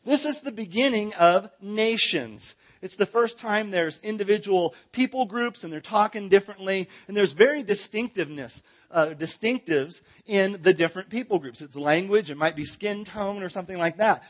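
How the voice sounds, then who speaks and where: A man with a high, light voice teaches a Bible seminar to a live crowd. He is from Southern California and keeps things playful, cracking jokes and getting everyone to answer back and act out motions. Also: moderate pace, few pauses. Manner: playful, jokey, coaxes the audience to join in. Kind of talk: lively live Bible seminar with audience participation.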